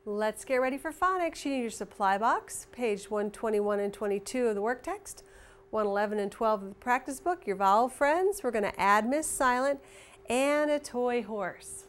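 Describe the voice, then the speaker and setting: A woman teacher reading a story and giving a phonics and handwriting lesson to young children, speaking slowly, clearly and expressively. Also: on the high side.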